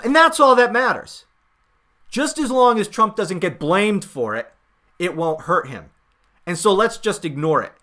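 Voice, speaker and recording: A man hosting a political podcast, talking in a sarcastic, emphatic monologue with swings in loudness. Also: high voice. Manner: sarcastic, mocking paraphrases of others; emphatic, rising and falling loudness. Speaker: podcast host.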